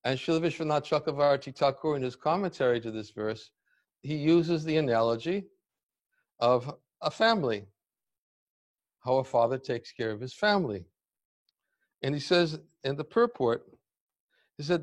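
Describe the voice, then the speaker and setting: Man, mid-pitched voice, devotional class, deliberate pacing, searching pauses. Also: lively intonation. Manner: deliberate, searching for words, reading commentary aloud. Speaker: spiritual teacher giving a class.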